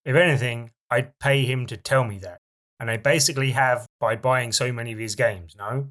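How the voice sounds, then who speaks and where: A man's voice: medium pitch, moderate pace, fairly bright tone. A man co-hosting a podcast, in mock-earnest comedic role-play banter. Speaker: podcast co-host.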